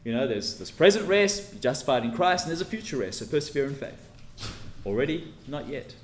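Teacherly preacher in an echoey hall. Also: male voice, on the high side, lively intonation, fairly quick, a little hiss or hum. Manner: teacherly, emphatic, stresses key words. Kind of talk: expository sermon. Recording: echoey room with faint ambience.

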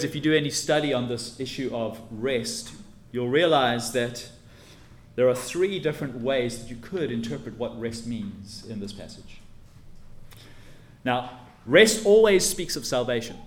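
Teacherly preacher in an echoey hall. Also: male voice, medium pitch, expressive, a little slow. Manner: teacherly, emphatic, stresses key words. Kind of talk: expository sermon. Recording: echoey room with faint ambience.

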